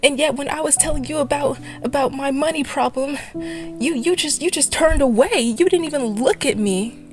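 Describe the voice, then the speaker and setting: A woman's voice: sits high, normal speed, music in the background, pitched above the performer's own voice. A woman doing a sarcastic, mocking impression of a whiny, self-absorbed woman. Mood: mocking whine.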